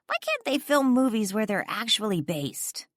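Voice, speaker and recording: A woman voicing a teasing, bubbly young female best friend in a lively way. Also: medium pitch, normal speed, no echo, clean studio sound, voice pushed up.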